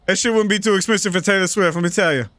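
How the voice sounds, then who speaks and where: A man riffs through a let's-play, cursing and teasing the customers as he rings them up. His voice sits high and sounds bright and sharp. The sound is close and dry, with almost no room in it. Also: fast, no room sound. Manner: profane, joking banter with game customers. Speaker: gaming channel host. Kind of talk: casual let's-play commentary.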